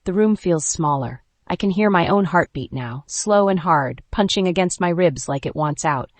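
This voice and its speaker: A narrator reading a first-person romance audiobook in an even, measured way, with clipped dramatic pauses. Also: mid-range voice, dry recording.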